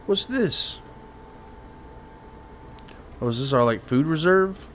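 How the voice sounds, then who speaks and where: A man giving casual, excitable gameplay commentary, talking to his chat and saying dude a lot. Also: a little high, slow, a little hiss or hum. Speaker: gaming video host.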